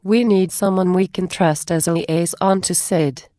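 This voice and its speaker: A woman's voice: fairly low pitch, steady tone, a little slow, mellow, no echo, studio quality, lightly acted. Woman reading a wry, teasing male officer. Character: dry, wary male Al Bhed officer.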